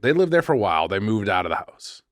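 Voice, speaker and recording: Male podcast co-host, deep voice, dry close sound, rambling jokey storyteller. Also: sing-song, quick pace, no echo. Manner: rambling, self-correcting, jokey. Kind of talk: casual storytelling. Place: podcast studio.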